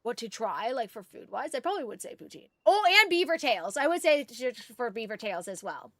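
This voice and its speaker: A Canadian woman streaming a game, chatting with viewers in an animated way and swearing freely. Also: on the high side, brisk, dry recording, studio quality. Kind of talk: casual gaming stream chat.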